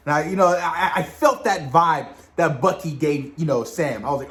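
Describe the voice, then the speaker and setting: A man hosting a casual spoiler discussion of a TV episode, talking excitedly in slang straight to his viewers. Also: on the high side, normal speed, few pauses. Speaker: video host reviewing a TV episode.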